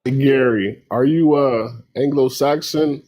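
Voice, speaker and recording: A man's voice: medium pitch, measured pace, a little mellow, no echo. A man in a casual group voice chat, asking curious questions. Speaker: chat participant.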